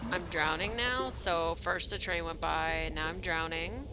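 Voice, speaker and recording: A woman's voice: lowish voice, a little slow, heavy background noise. A young woman streaming a game, chatting casually and rambling, with lots of "like" and "um". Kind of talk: casual livestream commentary.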